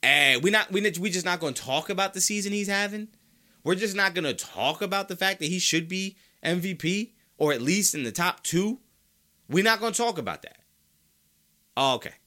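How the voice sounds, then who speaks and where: A man's voice: high-pitched, animated, normal speed, sharp tone. A sick, congested man hosting a sports podcast, arguing his opinions emphatically and repeating his points for effect. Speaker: podcast host.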